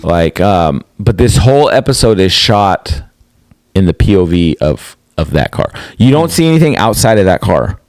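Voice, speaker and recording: A man's voice: low-pitched, big pitch swings, normal speed, no echo, studio quality. A young man co-hosting a podcast, chatting in a laid-back way with casual slang. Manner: laid-back, uses slang like "dude" and "bro". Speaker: podcast co-host. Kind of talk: casual chat.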